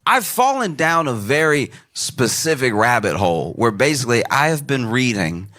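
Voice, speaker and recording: A man talks casually, his voice rising and falling with lively intonation. His pitch sits in an average range. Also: normal speed, noisy background.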